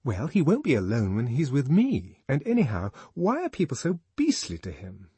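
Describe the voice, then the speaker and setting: A man's voice: mid-range voice, huge pitch swings, normal speed, warm tone, husky, dry recording, voice pushed up, exaggerated voice. A man voicing a breezy young woman. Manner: light, breezy and teasing.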